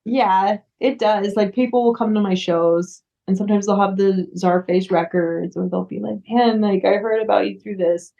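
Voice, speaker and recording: A woman's voice: medium pitch, steady tone, moderate pace, vocal fry, hardly any pauses, dark tone. A woman from the United States, a singer-songwriter, chatting casually as an interview guest, full of fillers and restarts. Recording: dull lo-fi sound.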